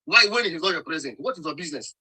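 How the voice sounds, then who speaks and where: A man's voice: a little high, expressive, racing, bright, forceful tone, breathy edge, rough recording. A Nigerian man from Nsukka arguing hotly in an online audio room, insistent and scolding, often repeating himself. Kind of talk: heated political argument.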